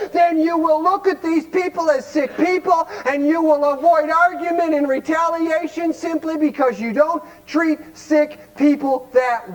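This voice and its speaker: A man's voice: extremely high pitch, low-quality recording. A man from Cleveland, Ohio, giving a folksy, blunt recovery workshop talk, constantly quizzing his audience with rhetorical questions. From Cleveland, Ohio, United States.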